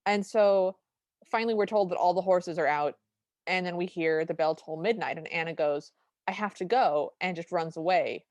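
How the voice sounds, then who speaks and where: A woman with a lower voice recaps a film for a podcast in relaxed chat. She speaks close to the mic in a dry, dead room, acting out the characters' lines as she goes. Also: normal speed, dry recording. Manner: animated retelling with quoted lines. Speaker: podcast co-host.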